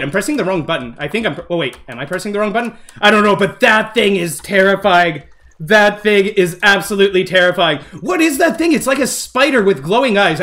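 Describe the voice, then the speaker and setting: A man with a high, bright voice gives a let's-play gaming commentary. He narrates each move aloud and addresses his viewers as "guys". He is excitable and jumps at every surprise. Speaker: gaming channel host.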